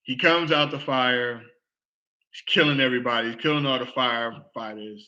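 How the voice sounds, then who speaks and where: A man's voice: steady tone, moderate pace, pushed and bright, highs cut off. A man hosting his own live online show, talking loosely and repeating himself as he rants to viewers. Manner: loose, repetitive, exclaiming, acts out scenes in a falsetto shriek. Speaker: host of a live online sports and culture show. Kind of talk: casual rant to a live audience.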